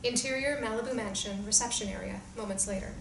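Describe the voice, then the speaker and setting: A woman reading stage directions aloud in a screenplay reading, in a clear, measured way. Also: medium pitch. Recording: roomy distant sound with background noise.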